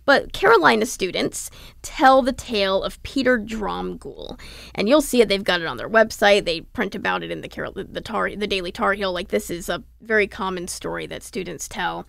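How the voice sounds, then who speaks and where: Gravelly-voiced woman telling ghost lore. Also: mid-range voice, a bit bright, no echo. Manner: storytelling, detailed, measured. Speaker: history reporter guest. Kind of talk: podcast storytelling.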